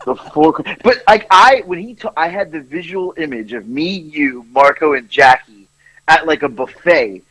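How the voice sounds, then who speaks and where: A man with a fairly high, very lively voice tells a funny story on a podcast. He laughs often and acts out the lines of the people in it, and the sound is a bit radio-like. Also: moderate pace, rough recording. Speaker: podcast co-host. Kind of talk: casual storytelling chat.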